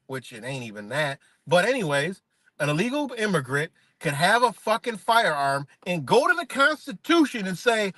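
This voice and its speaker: A man's voice: high voice, pushed and bright, dry recording. A man ranting on a live stream, heated and profane, firing off rhetorical questions. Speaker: livestreamer. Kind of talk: unscripted live-stream rant.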